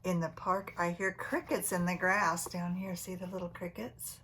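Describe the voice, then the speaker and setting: A woman teacher reading a picture book to little ones, her voice sitting on the lower side for a woman. She often sinks into a near whisper and keeps asking the children gentle questions. A faint background hiss runs under the recording. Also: flat delivery, normal speed. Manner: soft-spoken, often dropping to a near whisper. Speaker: preschool teacher.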